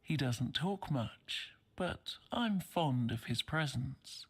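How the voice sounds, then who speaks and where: A woman voicing an ancient, tiny pale crone in a video game, speaking in a husky whisper, slow, cryptic and teasing. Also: very deep voice, expressive, exaggerated voice. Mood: playful. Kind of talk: voiced game character.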